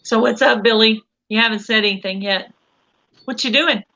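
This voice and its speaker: A woman with a Southern US accent hosts a live video chat, chatty and quick to laugh. Her voice is bright and a little high. The stream audio is muffled and lo-fi. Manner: chatty, laughing, asks lots of questions. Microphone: video call.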